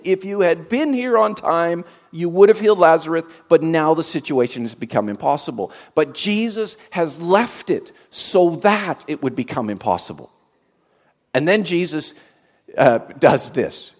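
A man preaching a sermon in an expressive way, moving from loud emphasis to a hushed, tender tone. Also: fairly high pitch.

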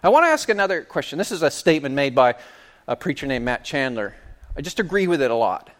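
A man preaching a sermon in an animated, playful way, acting out little scenes and quotes. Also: on the high side, fast.

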